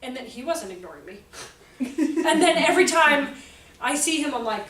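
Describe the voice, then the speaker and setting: A woman in her forties gives a lively talk to an audience, joking and acting out what people said. Her voice sits high and comes from a distance in a large echoey hall. A faint noise is heard under her. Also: fast talker. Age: 40s. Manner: animated, jokey, acts out quotes. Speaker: speaker on child behavior.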